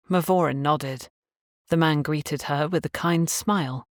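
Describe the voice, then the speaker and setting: A woman reading an audiobook as narrator in a steady, even storytelling manner. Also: low-pitched, a little slow, dry recording, studio quality.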